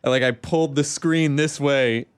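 A man from the American South hosting a casual chat, playful and quick to laugh. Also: a little high, steady tone, clean tone, no echo. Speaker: host.

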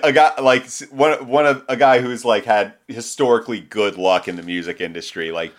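A man's voice: mid-range voice, a little fast. A young man co-hosting a podcast, chatting casually in a dry, sardonic way and swearing now and then. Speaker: podcast co-host.

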